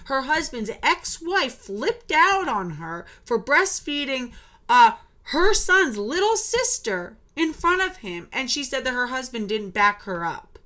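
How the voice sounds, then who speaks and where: A woman's voice: sits high, bright, forceful tone. A woman in her thirties, a birth worker, giving a blunt, emphatic monologue and swearing when heated. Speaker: birth worker and podcast host. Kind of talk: impassioned monologue.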